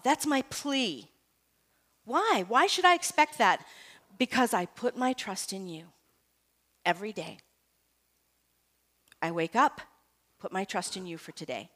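A woman giving a devotional Bible teaching talk in a conversational, animated way, moving from soft scripture reading to loud emphatic asides. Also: medium pitch, a little slow. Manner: conversational, self-correcting.

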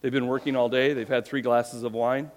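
A middle-aged male pastor preaching a sermon, retelling a story with animated emphasis and acted-out quotes. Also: mid-range voice, brisk.

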